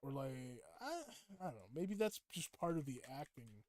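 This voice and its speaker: A man chatting casually with viewers while playing a game, rambling and breaking into excited outbursts. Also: mid-range voice, normal speed, slight background noise. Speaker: game streamer. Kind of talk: casual gameplay chat with viewers.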